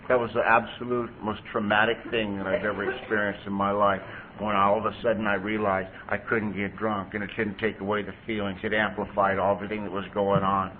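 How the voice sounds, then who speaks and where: A man's voice: fairly low pitch, level tone, fairly quick. A man sharing his personal recovery story at a meeting, in a conversational way with lots of "you know.". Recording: tinny phone-like tape with faint hiss.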